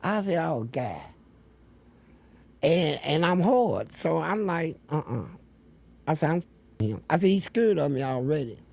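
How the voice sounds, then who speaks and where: A man's voice: a little high, big pitch swings, measured pace, vocal fry, long pauses, a little mellow. A man telling blunt, profane stories as a guest in an interview. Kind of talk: storytelling interview.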